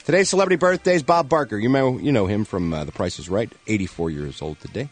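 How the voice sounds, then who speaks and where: A man's voice: on the low side, fast talker. A man co-hosting a radio show, telling jokey entertainment news in casual banter. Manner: animated, jokey storytelling.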